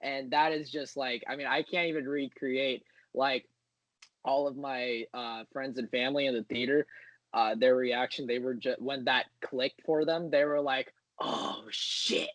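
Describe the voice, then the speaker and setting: A man's voice: medium pitch, fairly even intonation, normal speed, no echo, dull audio. A man talking as a podcast guest in casual chat, enthusiastic and rambling with many fillers.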